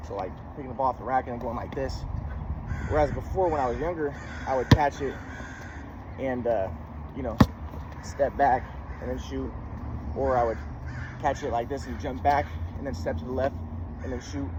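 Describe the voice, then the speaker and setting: A man with a mid-range voice recalls a story from his youth at a moderate pace, leaving long pauses. His casual monologue rambles with many repeats and restarts as he demonstrates moves. The audio is dull, with clear background noise.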